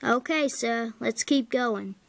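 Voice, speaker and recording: A woman's voice: a little high, takes it slowly, vocal fry, no room sound. A woman voicing a cheerful, agreeable little railway inspection car in a fan-made toy train story.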